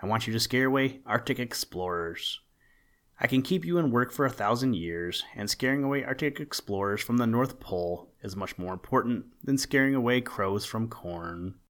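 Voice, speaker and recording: A man voicing a jolly, brisk old Santa Claus in a storybook, with a hearty, commanding manner. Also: medium pitch, expressive, a bit bright, close to an everyday voice.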